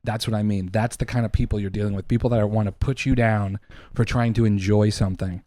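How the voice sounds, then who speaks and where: A man's voice: lowish voice, steady tone, fairly quick, mellow, no room sound. A man co-hosting a casual podcast, arguing heatedly and emphatically, with lots of swearing. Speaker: podcast co-host.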